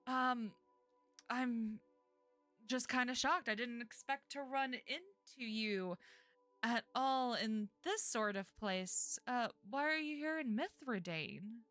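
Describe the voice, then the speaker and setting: A woman's voice: fairly high pitch, animated, takes it slowly, a bit bright, no room sound, soft background music. A woman voicing a nervous, flustered young female hunter who stammers awkwardly in a tabletop game.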